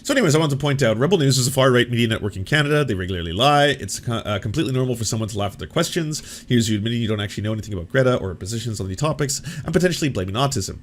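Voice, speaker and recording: A man's voice: medium pitch, animated, rapid-fire, few pauses. A man hosting an online commentary show, talking casually in a sarcastic, rambling and profane way as he reacts to clips. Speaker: host.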